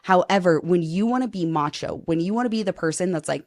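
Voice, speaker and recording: A woman podcast host telling a story in casual interview chat, animated, acting out quoted dialogue and swearing now and then. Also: lowish voice, brisk, hardly any pauses.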